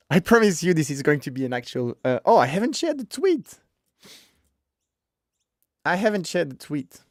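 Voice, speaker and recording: A man's voice: fairly high pitch, big pitch swings, measured pace, long pauses, no echo, studio quality. Joking man hosting a live stream. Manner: joking, chatty, thinks out loud. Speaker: podcast host. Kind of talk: casual live-stream chat.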